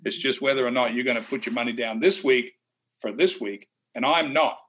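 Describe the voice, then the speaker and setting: Bright blunt-talking man, former pro golfer. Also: medium pitch, brisk. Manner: blunt, emphatic, teasing. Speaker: co-host, former tour golfer. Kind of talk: casual golf analysis chat.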